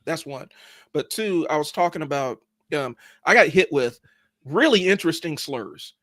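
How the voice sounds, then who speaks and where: A man co-hosting a podcast in casual chat, talking in a sarcastic, lively way with lots of "like" and "you know". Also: on the high side, normal speed, no echo, studio quality. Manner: sarcastic, animated, many fillers like "like" and "you know". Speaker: podcast co-host.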